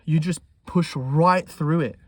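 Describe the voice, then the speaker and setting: A man vlogging about trading in an intense monologue, swearing freely and swinging between loud emphasis and hushed talk. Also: on the high side, takes it slowly, no echo.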